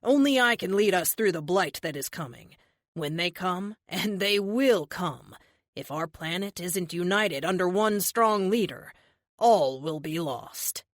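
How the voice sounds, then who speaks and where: Woman doing condescending villain man, slow drawl, lower voice, dry recording. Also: expressive, dry recording. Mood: smug menace. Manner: slow, condescending, self-assured. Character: smug, menacing man, centuries-old villain.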